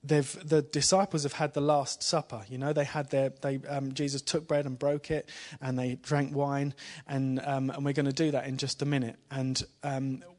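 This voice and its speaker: A man's voice: medium pitch, level tone, moderate pace, hardly any pauses. Chatty man preaching to a congregation. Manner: chatty, asks the congregation questions, with small laughs; drops to a hushed, softer voice when retelling the story. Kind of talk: informal church talk. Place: live church gathering with congregation.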